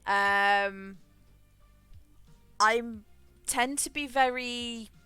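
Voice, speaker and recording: A woman's voice: on the high side, drawn-out words, pushed and bright, clean tone, no room sound, faint music behind. A woman streaming a game, chatting frankly, swearing freely and laughing often. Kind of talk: casual chat while gaming.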